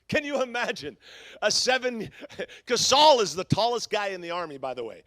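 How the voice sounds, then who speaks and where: A middle-aged man preaching a sermon as pastor, telling stories in an animated, humorous way. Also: high-pitched, normal speed, no room sound.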